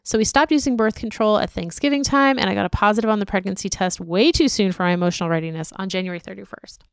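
A woman's voice: medium pitch, fast, clean tone, no room sound, studio quality. A woman co-hosting a casual podcast, reading listener emails aloud with chatty asides. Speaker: podcast co-host.

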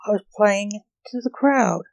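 A woman voicing a quick-tempered young male magician who answers sharply and defensively, in a storybook reading. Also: mid-range voice, vocal fry, darkish tone, no room sound, muffled recording.

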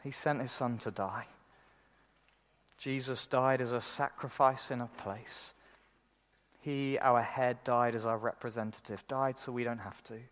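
A man's voice: mid-range voice, steady tone, unhurried, a bit bright. Earnest man preaching. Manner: earnest, conversational, repeats words when starting a thought. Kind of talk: sermon.

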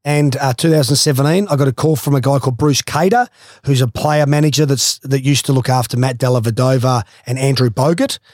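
A man's voice: mid-range voice, brisk, a little mellow, no echo, clean studio sound. An Australian man telling rambling, swear-filled stories as a guest in a casual chat. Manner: swears freely, rambling anecdotes. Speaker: guest, former athlete. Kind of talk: casual storytelling.

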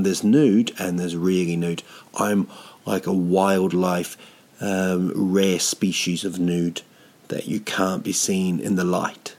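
This touring comedian has a lowish, gravelly voice with a darkish tone. He's sitting indoors at home, giving a loose, rambling monologue full of ums and dry jokes at his own expense.

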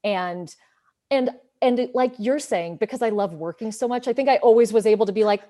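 A woman's voice: on the high side, fairly quick. Chatty woman acting out quotes. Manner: chatty, self-deprecating, acts out quotes with lively voice shifts. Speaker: actress being interviewed. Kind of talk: casual interview chat.

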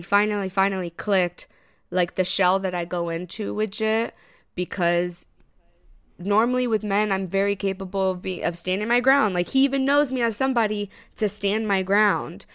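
A young woman with a smooth, clean-toned voice, chatting on a podcast. She tells the story with lots of energy, speaking both her own lines and her partner's. She swears freely and keeps saying "literally" and "girl.". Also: mid-range voice, normal speed. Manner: animated storytelling, acts out both sides of a quarrel. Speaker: podcast co-host. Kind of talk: casual chat.

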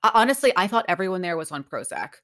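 Woman guest on a chat show, lowish voice, acts out quotes, lots of restarts. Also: big pitch swings, fast talker, fairly bright tone. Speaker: podcast guest. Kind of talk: casual storytelling chat.

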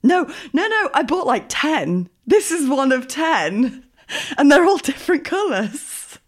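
A woman's voice: high voice, very animated, unhurried. Self-mocking woman co-host. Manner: self-deprecating, giggly, filler-heavy. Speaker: podcast co-host. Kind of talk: casual chat.

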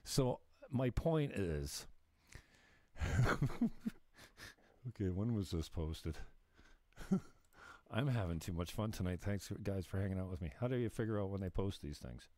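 A man's voice: sits low, animated, measured pace, pauses often, mellow, no room sound. A man hosting a casual livestream where he reacts to clips. He is sarcastic and profane and laughs often. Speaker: livestream commentator.

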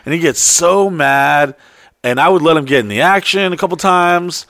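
A man telling a wild story in casual, profane chat, acting out quotes in high voices. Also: normal speed, fairly bright tone, dry recording, studio quality. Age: adult.

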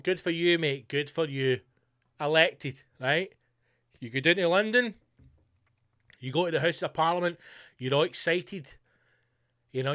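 Guy ranting on his podcast, sweary and sarcastic, fairly high voice. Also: unhurried, pauses often, pushed and bright, no echo, clean studio sound. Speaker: podcast host.

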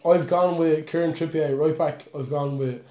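A man's voice: on the high side, fairly even intonation, moderate pace, mellow. A man co-hosting a football podcast, teasing his partner and laughing through casual banter. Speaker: podcast co-host. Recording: roomy echo, faint music.

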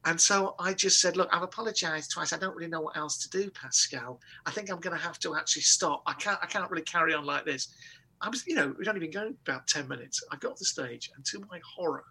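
Husky bright-voiced man telling a story. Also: fairly high pitch, quick pace. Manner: animated storytelling with laughter and restarts. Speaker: guest comedian. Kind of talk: casual anecdote on a talk show.

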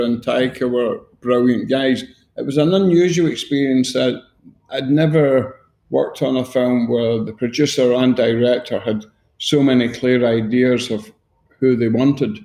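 A man's voice: mid-range voice, unhurried, dark tone, reverberant. A middle-aged man from Scotland with a Glaswegian accent, talking bluntly and swearing freely in a casual interview. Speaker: guest.

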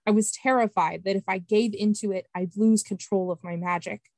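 A woman podcast host reading an excerpt of her fantasy novel in steady, clear storytelling. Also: medium pitch, moderate pace, no room sound.

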